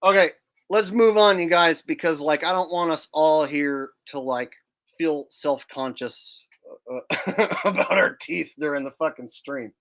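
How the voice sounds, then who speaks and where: A man's voice: fairly high pitch, measured pace, a bit bright. A man hosting a livestream, rambling and joking in casual, profane commentary. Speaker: streamer host.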